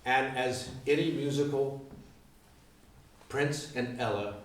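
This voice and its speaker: A man narrating the stage directions of a musical reading in a lively, expressive way. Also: mid-range voice, takes it slowly, very noisy. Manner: lively, expressive read-aloud. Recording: echoey room from far off.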